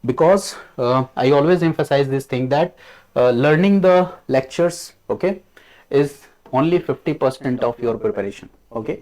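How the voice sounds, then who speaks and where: A middle-aged history teacher with a warm, mid-range voice gives an exam coaching lecture on a low-quality recording. He repeats key phrases with slow, drilling emphasis and ends his lines with a rising "okay?"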